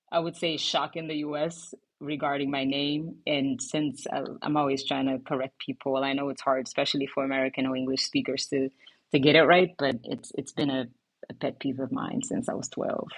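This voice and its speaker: A woman from Cape Verde, whose first language is Cape Verdean Creole, talks in a low, husky voice. She hosts a casual podcast and tells her stories with animated, acted-out dialogue. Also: normal speed. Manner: animated storyteller acting out quoted voices. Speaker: podcast co-founder and host.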